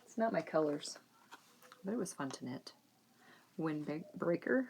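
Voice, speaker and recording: A woman's voice: sits low, expressive, unhurried, darkish tone. A woman in her thirties hosting a knitting podcast, talking casually and frankly and fretting a little. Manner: chatty, frank, fretful about the kids' schooling. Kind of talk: casual chat. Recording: faint background noise.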